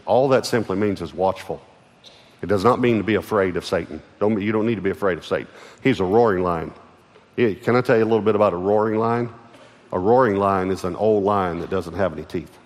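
A middle-aged man with a Texan accent, preaching a sermon as pastor, emphatic and often restarting his phrases. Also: lowish voice. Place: large church auditorium. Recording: long hall reverb with faint music.

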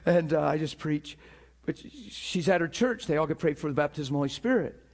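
Animated preacher man, slightly high voice. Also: a little fast. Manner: animated, emphatic, acts out quotes. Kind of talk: sermon storytelling.

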